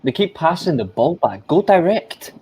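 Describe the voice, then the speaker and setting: A man's voice: on the high side, big pitch swings, moderate pace, warm tone, a little hiss or hum, low-quality recording. A man chatting bluntly and teasingly with friends during a live football watchalong, swearing at the players. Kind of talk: casual football watchalong chat.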